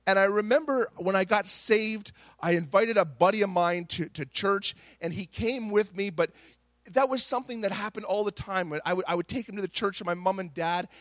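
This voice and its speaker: A middle-aged male pastor preaches with passion, his voice sitting high for a man. He stumbles over repeated words and restarts phrases as he builds a story. The sound is dry and close, with no room echo. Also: normal speed, fairly bright tone. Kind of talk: Pentecostal sermon.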